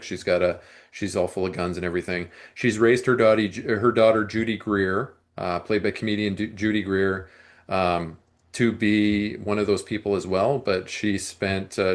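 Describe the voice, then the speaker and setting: A man with a fairly low voice talks through a film plot in a casual podcast chat. He rambles, restarts sentences and often clears his throat. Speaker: movie review podcast co-host. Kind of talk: casual movie discussion.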